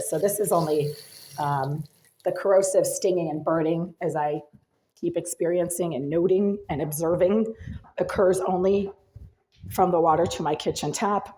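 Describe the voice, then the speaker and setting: A woman recording a self-made monologue inside her apartment, speaking intensely and insistently in long run-on sentences, her voice husky and smoky-sounding, with the distance to her handheld phone shifting as she moves between rooms. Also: low-pitched, warm tone. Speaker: vlogger documenting at home. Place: indoors in a small apartment, kitchen, hallway and bathroom.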